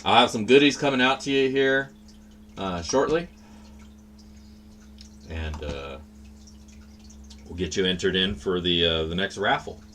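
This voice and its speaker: A man's voice: sits low, unhurried, long pauses, a bit bright, slight background noise. A man hosting a livestream, chatting casually in a rambling, profane, laid-back way. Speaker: livestream host.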